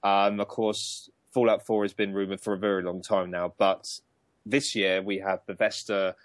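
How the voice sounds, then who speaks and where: A man chats his way through a gaming news podcast, loose and rambling, full of ums and restarts. His voice sits on the low side. The recording is close and completely dry, with no room sound. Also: flat delivery, normal speed, no room sound. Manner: chatty, many ums and restarts, laughs easily. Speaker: podcast co-host. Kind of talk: casual gaming podcast chat.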